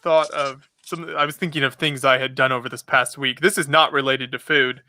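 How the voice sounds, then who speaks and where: A man's voice: medium pitch, fairly even intonation, fairly quick, sharp tone, dry recording, clean studio sound. A man hosting a casual live stream chat, rambling with lots of fillers and frequent laughter over a remote call mic. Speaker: podcast host.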